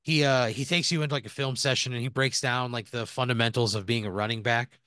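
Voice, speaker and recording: A man's voice: medium pitch, steady tone, quick pace, sharp tone, no room sound. A man hosting a comedy podcast, spinning an improvised story in a rambling, casual way and swearing freely. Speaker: podcast host.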